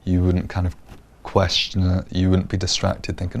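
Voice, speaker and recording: Man, very deep, monotone, gravelly, measured behind-the-scenes explanation, faint ambience. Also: a little hiss or hum. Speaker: producer of the show. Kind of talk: explanatory interview.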